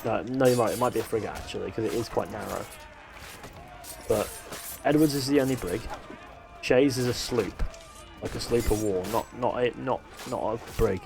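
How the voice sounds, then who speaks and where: A man's voice: medium pitch, moderate pace, vocal fry, over music. A man from northwest England with a Manchester accent, live-streaming a game, reading chat aloud and joking in a rambling way.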